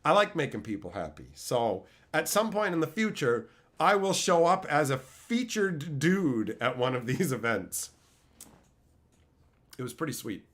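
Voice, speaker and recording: A man's voice: a little high, sing-song, a little slow, fairly bright tone. A man chatting casually on a live stream, telling stories animatedly and laughing often.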